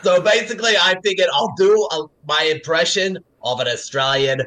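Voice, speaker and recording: A man's voice: high voice, normal speed, bright, forceful tone. A man putting on the voice of an eccentric woman actress, camp and flighty, slipping into silly accents. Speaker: co-host.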